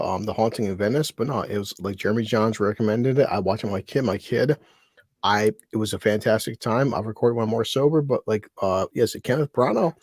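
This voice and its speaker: A man from New York State chatting on a podcast, rambling and halting, full of filler words. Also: lowish voice, darkish tone, breathy edge, no echo, clean studio sound. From New York State, USA. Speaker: podcast co-host, film reviewer. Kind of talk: casual late-night chat.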